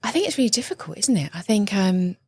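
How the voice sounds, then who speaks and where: A woman's voice: mid-range voice, very animated, fast, warm tone, slightly rough, dry recording. Earnest British woman, dry sound. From United Kingdom. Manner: reflective, earnest, leans on tag questions like "isn't it" and "right?". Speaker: guest, relationship coach. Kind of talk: conversational interview.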